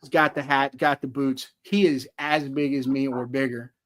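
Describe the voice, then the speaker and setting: A man's voice: medium pitch, fairly even intonation, moderate pace. A man, likely in his forties, telling rambling self-deprecating stories as a guest on a video call. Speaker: author guest. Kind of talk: casual storytelling on a live chat.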